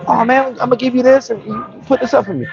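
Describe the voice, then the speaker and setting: A man voicing his reckless, gun-toting cousin from the South in an excitable, incredulous tone. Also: very high voice, fast talker, vocal fry, lo-fi sound, pitched above the performer's own voice. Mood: eager.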